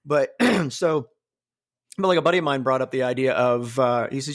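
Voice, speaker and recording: A man's voice: medium pitch, normal speed. A man hosting a casual podcast, rambling and swearing, often laughing at his own jokes. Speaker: podcast host.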